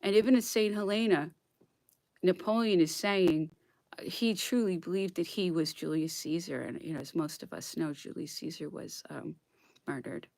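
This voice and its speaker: A woman's voice: fairly low pitch, moderate pace, gravelly, darkish tone, no room sound. A woman in an impassioned solo vlog monologue, dropping into whispers at times and close to tears. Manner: emotional, drops into whispered asides, near tears. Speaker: vlogger reading history aloud.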